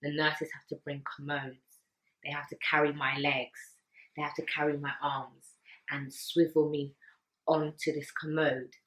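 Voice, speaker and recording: A young woman from the UK talking earnestly and emotionally to camera, pausing often and repeating words. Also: low-pitched, level tone, fairly bright tone, poor audio. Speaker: vlogger. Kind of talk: personal talk to camera.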